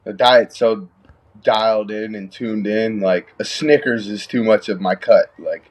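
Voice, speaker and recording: A man's voice: on the low side, a little slow. A young man guesting in a casual chat, laid-back and slangy, laughing easily. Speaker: guest fighter.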